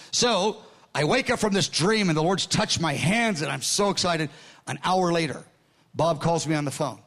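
A man in his sixties preaching a sermon, telling stories in an excited, earnest way with frequent restarts. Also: sits high. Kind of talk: sermon storytelling.

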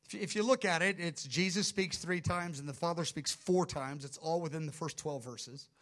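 A male preacher delivering a sermon with a fairly high voice. He teaches in a casual, conversational way, then drives points home with sudden emphatic bursts. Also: normal speed, fairly bright tone.

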